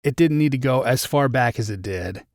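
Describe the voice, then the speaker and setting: A young man talks casually into a close mic, reviewing a film on a live stream. His voice sits at an ordinary middle pitch, and the sound is dry with no room around it. He rambles a little, leaning on "like" as he thinks aloud. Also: expressive, normal speed, no room sound. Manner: rambling, chatty, lots of "like" fillers. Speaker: podcast host.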